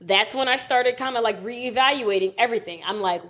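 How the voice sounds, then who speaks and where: High-voiced, blunt, swearing woman in her late twenties. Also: brisk, fairly bright tone. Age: late 20s. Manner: blunt, profane, heated storytelling. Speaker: podcast co-host. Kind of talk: casual storytelling chat. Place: podcast studio.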